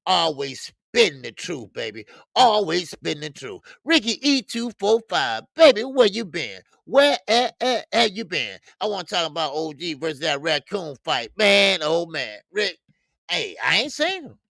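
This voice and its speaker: Gravelly man hosting a boxing livestream. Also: high voice, big pitch swings, moderate pace, sharp tone, no room sound, clean studio sound. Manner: slangy, greets chat viewers by name; rambling with stammered restarts. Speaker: boxing show host. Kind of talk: casual live-stream talk.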